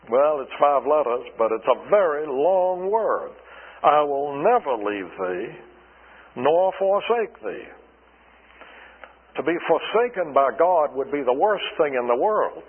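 Slow, husky-voiced male preacher. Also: a little high. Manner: slow, deliberate preaching with rhetorical questions. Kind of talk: sermon. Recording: tinny radio broadcast with long reverb.

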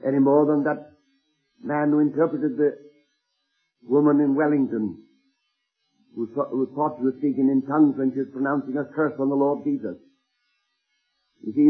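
Husky guy preaching, telling stories one after another, sounds like an old tinny tape. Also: mid-range voice. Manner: earnest anecdotal retelling with slowed emphasis. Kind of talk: sermon storytelling.

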